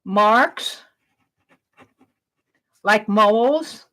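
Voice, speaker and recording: A woman hosting an art livestream, slowly reading out her viewers' questions one by one and praising them as she writes them down. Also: mid-range voice, animated, bright, forceful tone. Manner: slow, reads out each viewer question and praises it.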